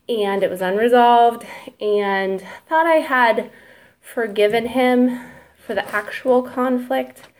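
A woman in her 30s gives a personal testimony at church, speaking candidly and emotionally in a chatty, conversational way full of fillers and asides. Her voice is on the high side and her pace is slow.

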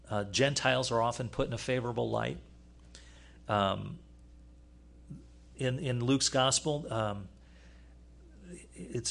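A man preaching a teaching sermon, pausing often with fillers and restarts. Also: mid-range voice, a bit bright. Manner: halting, many fillers and restarts. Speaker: pastor.

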